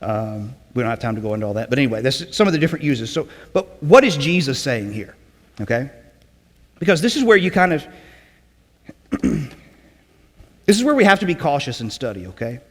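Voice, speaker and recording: A man preaching a sermon in a conversational teaching way, often checking in with "okay?" and clearing his throat. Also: medium pitch, big pitch swings, fairly quick, pauses often, big-room sound. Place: church sanctuary.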